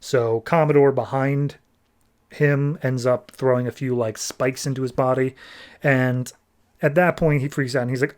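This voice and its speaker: A man's voice: mid-range voice, fairly even intonation, moderate pace, darkish tone. A young man hosting a podcast, recapping a comic book in a loose, chatty way and acting out characters' lines. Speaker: podcast host.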